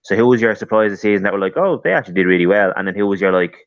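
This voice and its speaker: A man's voice: lowish voice, lively intonation, racing, no room sound, muffled recording. A man hosting a casual football podcast, steering the talk and putting questions to his co-hosts. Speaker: podcast host.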